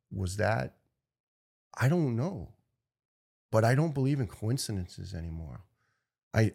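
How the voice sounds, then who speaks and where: New firefighter guy, 50s, low gravelly voice, earnest, stumbles and restarts a lot. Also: a little mellow. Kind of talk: personal storytelling speech.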